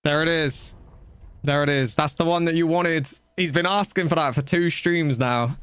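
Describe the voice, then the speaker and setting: A man chatting casually while streaming a game, rambling and breaking into quick exclamations. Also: a little high, fairly bright tone, smooth, dry recording, faint music behind. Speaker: gaming streamer. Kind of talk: casual live-stream commentary.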